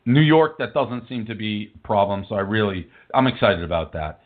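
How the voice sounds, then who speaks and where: A man's voice: on the low side, normal speed. A man hosting a call-in radio show, talking bluntly and rambling casually between callers. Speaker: host taking listener calls. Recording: narrow phone-like audio.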